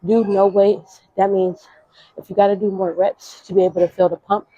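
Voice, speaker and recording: A woman's voice: medium pitch, level tone, moderate pace, dry recording, phone-quality sound. Breathless woman coaching a workout. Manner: chatty, coaching, slangy. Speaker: fitness vlogger. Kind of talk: casual workout instruction.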